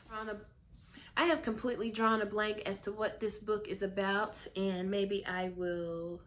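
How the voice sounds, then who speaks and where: An American woman talks her way through a book haul in a loose, chatty manner, stopping for ums and correcting herself as she goes. Her voice is starting to wear out. She speaks at a middling pitch for a woman. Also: level tone, measured pace, a little hiss or hum. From United States. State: losing her voice. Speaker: book vlogger. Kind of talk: casual book haul chat.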